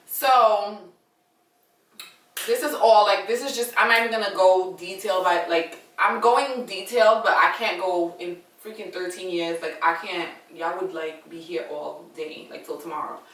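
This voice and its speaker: A woman's voice: lowish voice, steady tone, moderate pace, a bit bright, reverberant, distant mic, rough recording. A young adult woman telling a story in a casual, dramatic way and talking straight to her viewers. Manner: chatty, dramatic, addresses viewers as y'all.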